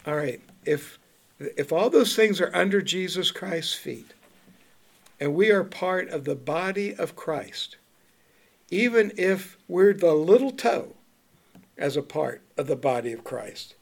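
A man leads an informal Bible study at an easy, slow pace. His voice sits a little high for a man. He moves between relaxed chat, questions to the group and King James verses read aloud. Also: creaky. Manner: conversational, asks the group questions and laughs often; reads scripture aloud in King James wording. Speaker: Bible teacher.

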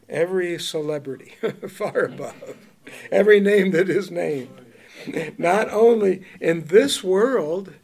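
A man leads an informal Bible study at an easy, slow pace. His voice sits a little high for a man. He moves between relaxed chat, questions to the group and King James verses read aloud. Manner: conversational, asks the group questions and laughs often; reads scripture aloud in King James wording. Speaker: Bible teacher.

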